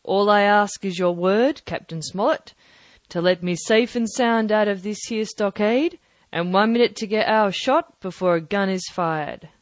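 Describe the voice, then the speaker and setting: A woman putting on a wily one-legged pirate captain, cheery and persuasive. The storybook voice sits higher and louder than her narration. It is close and dry. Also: unhurried, no room sound, close to an everyday voice. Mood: bargaining. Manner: hearty, smooth-talking, persuasive. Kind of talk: audiobook character voice.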